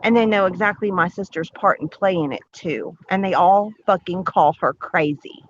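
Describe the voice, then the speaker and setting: A woman's voice: fairly low pitch, moderate pace, slight background noise. A woman ranting bluntly and profanely on a livestream, combative and defiant. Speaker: livestream host. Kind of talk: angry livestream rant. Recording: dull lo-fi livestream audio.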